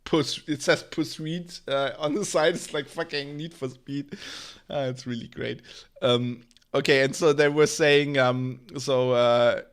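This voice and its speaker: A man's voice: mid-range voice, unhurried, clean tone. A man hosting a casual livestream tech news show, rambling with lots of fillers, laughing and swearing.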